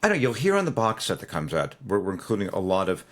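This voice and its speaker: A man in his sixties, a musician guest, telling stories in an interview, animated and acting out quoted lines. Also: low voice, quick pace. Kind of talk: storytelling interview.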